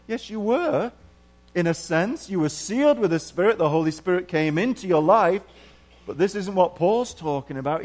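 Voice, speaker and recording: Earnest preacher, high-pitched man. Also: animated, normal speed. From England. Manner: earnest, with big swings between hushed and emphatic. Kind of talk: sermon.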